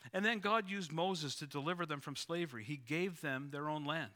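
A man's voice: a little high, normal speed, sharp tone. A middle-aged male pastor preaching a sermon in a conversational way, with restarts and repeated phrases.

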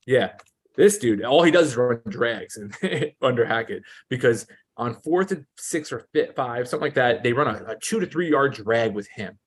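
A man co-hosting a casual sports betting podcast, animated and profane as he rants about play-calling. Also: medium pitch, normal speed, slightly rough.

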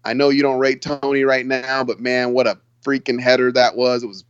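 A man co-hosting a casual football podcast, talking in an excitable, rambling way and laughing often. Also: mid-range voice, brisk, clear, resonant tone, no echo, highs cut off. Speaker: podcast co-host. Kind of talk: casual sports chat.

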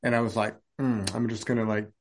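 A man with a fairly low voice hosts a podcast conversation. He talks casually and in a relaxed way, sharing examples from his own life. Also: a little fast, slight background noise.

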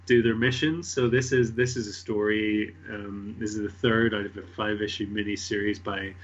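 A man's voice: lowish voice, little pitch movement, normal speed, dull audio. A man co-hosting a casual comic book podcast, enthusiastic and easygoing, rambling a little. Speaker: podcast co-host.

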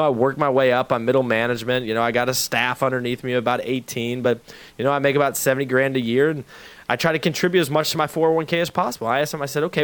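A man hosting a radio show, retelling a conversation and pitching a sponsor's offer. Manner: fast, animated storyteller who re-enacts both sides of a conversation; urgent promotional delivery.

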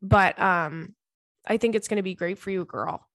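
A woman's voice: medium pitch, normal speed, fairly bright tone, no room sound, clean studio sound. A woman hosting a casual advice podcast, talking candidly with plenty of fillers and swearing freely. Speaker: podcast host.

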